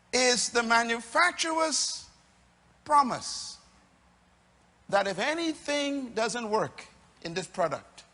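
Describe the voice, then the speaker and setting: A man's voice: high-pitched, sharp tone, husky. A man preaching a sermon to a church congregation, emphatic and teasing, repeating his key phrases. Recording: long hall reverb.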